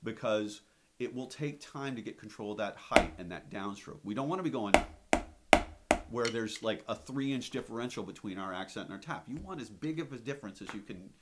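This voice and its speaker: Over heavy background noise in a reverberant space, a man with a lowish voice teaches drumming at a fairly quick pace. He walks through stick strokes conversationally and practically, counting beats out loud and tagging lines with "right?" Drums and clicks sound behind him in this instructional demo.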